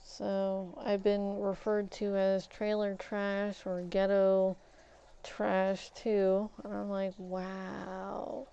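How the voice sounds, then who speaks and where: A woman streamer talks her way through a game in an unhurried, rambling way, frank and quick to curse mildly. Her voice is mellow and smooth, and the stream audio sounds a bit dull and lo-fi. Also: mid-range voice, completely flat delivery. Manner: rambling and candid, with mild swearing. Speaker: gaming streamer. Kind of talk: casual chat while playing a game.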